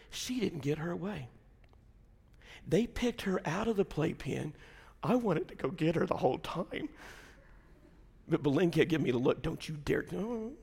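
An older man preaching a sermon, telling a family story and rising to loud, shouted peaks. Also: on the high side, creaky, long reverb tail. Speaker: pastor.

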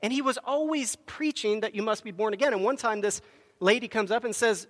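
A man preaching a Sunday sermon on a microphone, his voice notably high for a man. He tells stories with emphatic, acted-out quotes, and a long reverb trails behind him in the church. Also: fairly quick, a bit bright. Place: church sanctuary.

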